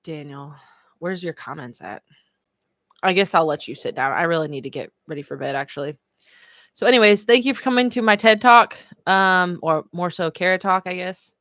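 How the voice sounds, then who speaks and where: A chatty woman hosts a relaxed live stream and tells a story at an easy pace. Her speech is full of "like" and "you know," and she laughs often as she talks. The recording is close and dry, with no room sound. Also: lowish voice, brisk, no echo. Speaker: livestream host.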